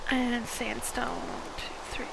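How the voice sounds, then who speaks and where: A woman's voice: on the high side, level tone, slow, vocal fry, very noisy. A woman in her forties with a Midwestern American accent, chatting casually while she plays a game, rambling and dropping into half-whispered asides. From Iowa, United States. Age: 40s. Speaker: gaming video host. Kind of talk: casual gameplay chat.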